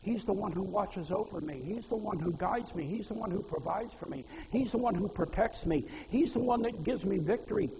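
A man's voice: high voice, a little fast, creaky, hardly any pauses, dark tone, a little hiss or hum. A man preaching a sermon in a folksy way, asking the congregation questions and quoting scripture. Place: church hall. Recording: reverberant hall.

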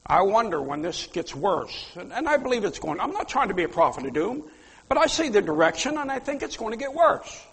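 A man preaching a sermon, fiery and emphatic, with sudden loud outbursts. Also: sits high, very animated, a little fast, breathy edge, in a large hall. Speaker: pastor.

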